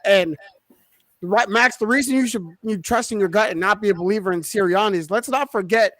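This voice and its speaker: A man argues his side assertively in a casual sports discussion, sometimes restarting his sentences. His voice is high-pitched. The recording is dry with no room sound. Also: brisk, a bit bright, no echo. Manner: assertive, argumentative, some restarts. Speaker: podcast panelist playing a prosecutor.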